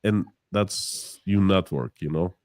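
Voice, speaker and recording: A man, his voice sitting on the low side, talks through an interview in a loose, animated way. He slips into quick voices for the people in his stories, with restarts along the way. The sound is dry and close, with little room around it. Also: dry recording. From Russia. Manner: animated storyteller, acts out dialogue, many restarts. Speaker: guest. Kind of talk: casual interview chat.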